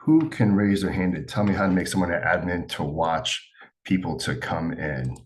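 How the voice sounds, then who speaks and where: Very deep-voiced meeting host. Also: male voice, expressive, moderate pace, slight background noise. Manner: casual, thinking aloud. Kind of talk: online class.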